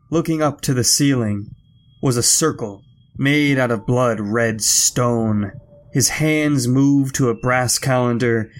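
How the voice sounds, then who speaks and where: A man reading a spooky fantasy story aloud in a measured, dramatic way. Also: medium pitch.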